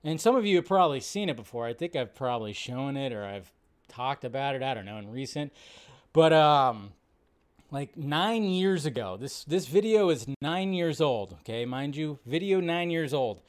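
A man's voice: mid-range voice, animated, normal speed. A man hosting a live show, chatting casually, rambling and repeating himself as he greets viewers by name. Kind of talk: casual live-stream chat. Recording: music playing under the voice. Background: music.

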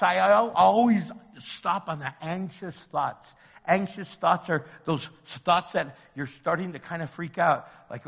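A man preaching a sermon, swinging from hushed to loud and impassioned. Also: high voice, expressive, normal speed, vocal fry, husky. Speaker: pastor. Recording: long hall reverb.

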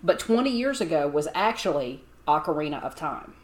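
A woman's voice: low-pitched, brisk. Middle-aged woman chatting and laughing. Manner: relaxed, chatty, laughs along. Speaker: podcast co-host. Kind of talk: casual chat.

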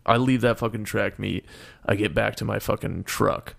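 Young man, low gravelly voice, swears often while retelling a story, casual and exasperated. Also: moderate pace, fairly bright tone. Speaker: storyteller guest.

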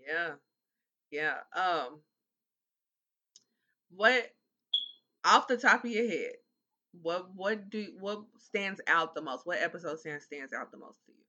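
A young man co-hosts a laid-back podcast and talks slowly and deliberately. His voice is bright and a little high. The recording sounds somewhat dull and lo-fi. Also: animated. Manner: laid-back, agreeing with frequent "right", long recaps. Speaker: podcast co-host. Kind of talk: casual chat.

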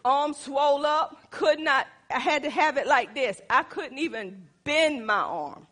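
A woman pastor preaching, telling a testimony to her congregation in an animated, emphatic way. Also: high voice, unhurried. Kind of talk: sermon testimony.

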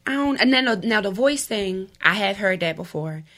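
A young woman co-hosting a casual podcast chat, telling stories in an animated way. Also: medium pitch. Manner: animated storytelling, quick laughs.

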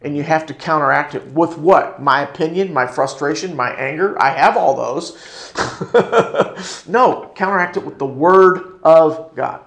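An American man teaches a church ministry class in sermon style, his voice gravelly and somewhat high. He drives each point home by repeating it and asks the room to answer back. The sound is roomy, with echo from the church space. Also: normal speed, hardly any pauses, fairly bright tone. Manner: call-and-response, repeats key phrases for emphasis.

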